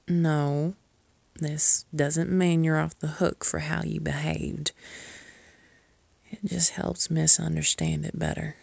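A woman with a heavy gravelly fry and a lowish voice, talking slowly in an audio role-play. She is both scolding and soothing, and often sinks into a whisper. The sound is dry and close. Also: level tone, a little mellow, no echo. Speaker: caring mistress speaking to a listener.

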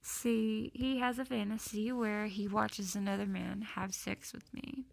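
Flat, gravelly-voiced woman teasing softly. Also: mid-range voice. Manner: slow, teasing, flirtatious talk addressed to the listener. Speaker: erotic audio creator. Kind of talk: intimate adult audio role-play.

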